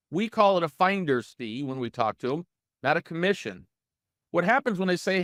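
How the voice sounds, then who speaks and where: A middle-aged man coaching real estate agents in a live online training session, energetic and full of rhetorical questions to his audience. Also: high-pitched, brisk, no echo, studio quality.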